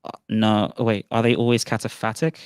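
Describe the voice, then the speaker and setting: A man in an online debate answering in a measured way and pushing back when he is talked over. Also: lowish voice, flat delivery, clear, resonant tone, no room sound. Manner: measured, asks for a slower pace, pushes back.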